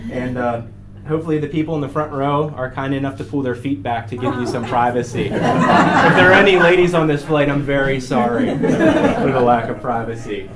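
A man's voice: mid-range voice, animated, a little fast, natural voice. A man playing a tall, blunt male flight crewman who barks a safety briefing in a brusque, matter-of-fact way. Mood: offhand. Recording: noisy room recording.

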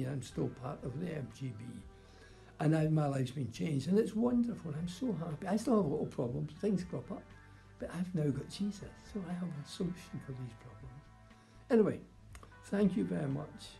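A man's voice: fairly high pitch, lively intonation, brisk, vocal fry, mellow, soft background music. An older man telling his personal faith testimony in a plain, earnest storytelling way. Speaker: testimony speaker.

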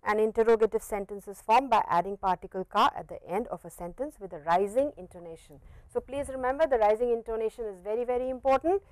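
A woman with an Indian English accent gives a patient Japanese lesson in a somewhat high voice. She repeats each phrase slowly so learners can follow. The sound is dry and close, with no room echo. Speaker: Japanese language teacher. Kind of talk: classroom lecture. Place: teaching studio with a board.

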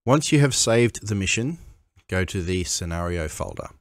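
A man making a game-editing tutorial, explaining in a measured, step-by-step way with pauses. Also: sits low, animated, no room sound, clean studio sound. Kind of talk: screen-recorded software tutorial.

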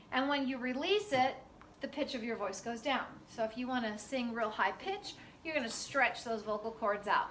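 A woman's voice: high-pitched, sharp tone. A middle-aged woman teaching a physiology class, chatty and loose, with lots of fillers. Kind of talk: classroom lecture. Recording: echoey classroom from far off, faint noise.

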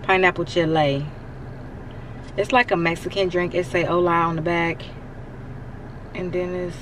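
A young woman vlogs casually to her viewers, chatting away and calling them "y'all" the whole time. Her voice sits on the low side, steady and fairly bright, and she speaks a little slowly with long pauses. She's recorded on a handheld camera mic, first in her car and later at home, with a little hiss or hum.

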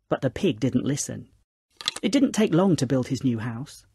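A woman narrating a children's storybook in a lively, expressive reading. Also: rumbling low, normal speed, a little hiss or hum.

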